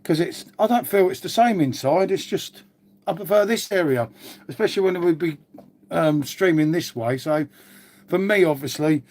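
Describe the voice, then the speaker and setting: A man's voice: a little high, lively intonation, moderate pace, a little mellow. A man chatting casually on a live stream, rambling and swearing now and then. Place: outdoors.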